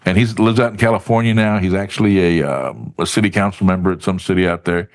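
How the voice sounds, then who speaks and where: A man with a very deep, low-set voice tells stories as a guest on a podcast. He is casual and animated, and he slips into other people's voices when he quotes them. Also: quick pace. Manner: animated storyteller who acts out quoted voices. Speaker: podcast guest, business advocate. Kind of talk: casual storytelling in an interview.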